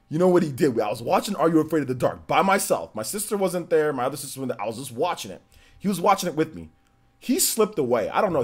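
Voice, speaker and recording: A man hosting a casual live stream, telling stories with animated energy and breaking into shouts when excited. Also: sits high. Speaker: livestream host.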